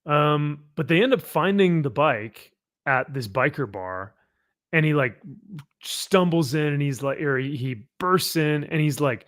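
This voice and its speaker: A man's voice: on the high side, animated, unhurried, fairly bright tone, no room sound, clean studio sound. A man hosting a casual chat, rambling as he sums up a comic and laughing along. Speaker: podcast host.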